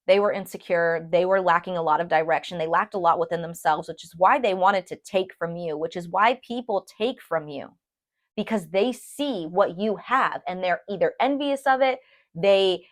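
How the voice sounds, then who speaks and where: A woman giving a casual tarot reading to her viewers, chatty and animated, checking in with them often. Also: lowish voice. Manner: chatty and animated, addresses viewers as "you guys", frequent "okay?". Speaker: tarot reader.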